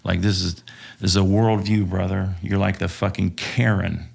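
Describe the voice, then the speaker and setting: A man's voice: low-pitched, flat delivery, moderate pace, vocal fry, darkish tone, breathy edge. A man from Texas, a podcast guest and former police officer, telling stories casually with lots of swearing and "um"s. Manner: profane, hesitant with many fillers. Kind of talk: casual storytelling.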